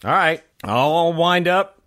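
A man's voice: a little high, animated, slow pace, fairly bright tone. A man as a player in a tabletop game, talking casually and playfully.

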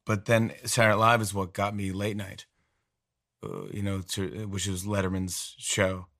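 A man's voice: fairly low pitch, moderate pace, no echo. Man telling rambling anecdotes, dry sound. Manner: animated, rambling anecdotes with restarts. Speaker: guest. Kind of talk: storytelling interview chat.

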